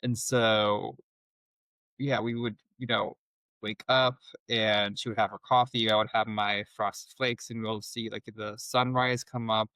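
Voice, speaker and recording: A man with a fairly low voice tells a personal story as a guest. He talks in a halting, reflective way and often restarts his sentences. The sound is close and dry, with no room around it. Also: flat delivery, pushed and bright, dry recording, poor audio. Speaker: podcast guest.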